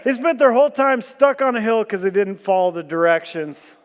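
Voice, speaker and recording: High-voiced man preaching in a reverberant hall. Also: a little fast. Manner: animated storytelling with jokes and rhetorical questions; bursts into loud emphasis. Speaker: guest preacher. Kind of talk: sermon. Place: church hall. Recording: long church hall reverb.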